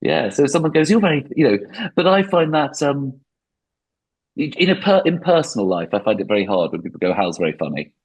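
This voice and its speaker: A middle-aged man talks as a podcast guest, rambling and mocking himself. His voice is slightly husky. His pitch swings widely as he goes. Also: a little fast, low-quality recording. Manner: rambling, self-deprecating, animated. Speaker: comedian guest. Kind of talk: podcast interview.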